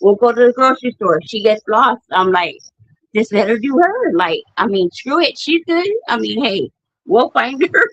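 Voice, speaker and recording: Woman, mid-pitch, candid storyteller in casual chat, slightly dull dry sound. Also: lively intonation, moderate pace, a bit bright, no echo. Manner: candid, laughs while telling family stories. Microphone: streaming mic.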